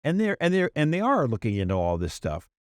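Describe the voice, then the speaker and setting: Animated, exasperated man on a podcast. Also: a little high, fast, no echo, studio quality. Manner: animated, exasperated, mocking voices when quoting. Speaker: podcast co-host. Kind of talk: casual political chat.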